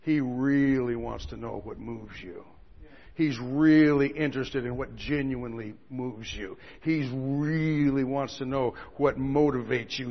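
A man preaching a sermon, telling stories with quiet asides that build to loud outbursts. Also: medium pitch, vocal fry. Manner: storytelling, swings from quiet asides to shouting. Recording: dull lo-fi recording with a long hall reverb.

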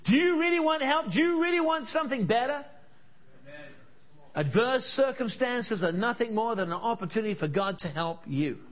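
High-voiced man preaching a sermon. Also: expressive, a little fast. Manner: storytelling, emphatic rhetorical questions. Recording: dull lo-fi recording.

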